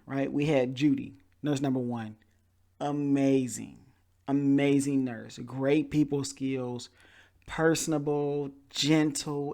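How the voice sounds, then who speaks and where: A man hosting a podcast, telling a story in a casual, animated way and acting out the people he quotes. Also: mid-range voice, gravelly. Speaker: podcast host.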